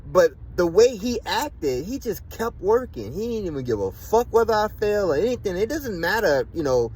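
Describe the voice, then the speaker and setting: A vlogger hurt from a fall delivers an angry, profane personal rant to the camera, restarting and repeating himself. He talks at normal speed in a high-pitched, sing-song voice with a darkish tone, on a low-quality recording with a little hiss or hum.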